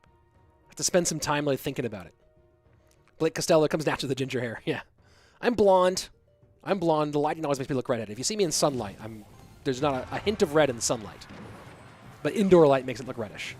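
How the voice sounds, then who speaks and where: A man with a slightly high voice hosts a live game stream, casually reading the chat and commenting on matches as they go. Soft music plays faintly behind him. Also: lively intonation, fast talker. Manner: casual, chatty, answers viewer questions. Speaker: esports caster and stream host.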